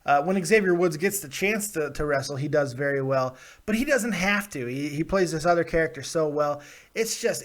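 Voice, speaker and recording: A man hosting a live call-in show, talking in a loud, blunt and profane way and laughing often. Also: fairly high pitch. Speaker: host of a wrestling call-in show. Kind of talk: casual live call-in chat.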